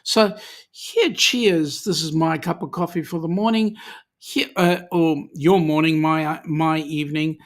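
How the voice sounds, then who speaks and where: A host with an Australian accent chats through a casual livestream at a mid pitch, joking with viewers and filling pauses with ums. The talk is loose and friendly, full of small restarts. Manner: chatty and jokey, many ums and restarts. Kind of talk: casual livestream chat, reading viewer comments.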